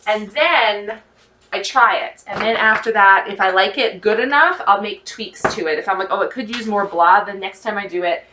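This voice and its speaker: A woman chatting excitedly to her viewers as she cooks, thinking out loud in a casual vlog. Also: mid-range voice, normal speed, roomy sound, far from the mic, highs cut off, background noise. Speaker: cooking vlogger. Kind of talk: casual cooking vlog, talking to camera. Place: home kitchen.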